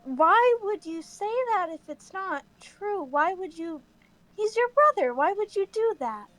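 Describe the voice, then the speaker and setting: Woman doing an earnest, high-voiced young cat. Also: lively intonation, unhurried, fairly bright tone, full character voice. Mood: indignant. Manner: stumbling, then pleading. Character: earnest young warrior cat, upset and indignant.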